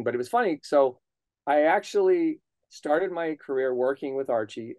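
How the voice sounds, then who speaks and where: Lively middle-aged male storyteller. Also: medium pitch. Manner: lively storyteller who acts out quoted dialogue; casual, swears freely. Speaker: guest, comics writer and colorist. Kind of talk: anecdotal interview storytelling.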